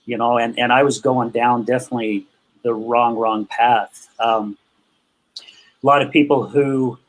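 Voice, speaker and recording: A man's voice: fairly even intonation, a little slow. A man as a podcast guest, candidly telling a personal story about his past anger and acting out the dialogue with growing emotion. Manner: emotional, acts out quotes with rising pitch.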